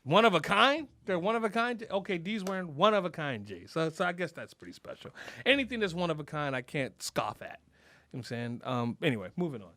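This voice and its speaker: Lively high-voiced man. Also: a little fast, no echo. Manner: animated, rambling, profane, laughs a lot. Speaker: podcast host. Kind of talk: casual comedic chat.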